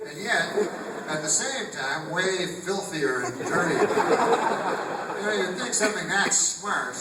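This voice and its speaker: Rambling deadpan male comic in a theater. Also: high voice, a little slow, heavy background noise. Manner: rambling, deadpan delivery with sudden loud put-on voices. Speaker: stand-up comedian. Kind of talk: stand-up comedy. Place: theater stage. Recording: grainy, echoey theater recording from far off. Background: audience laughter.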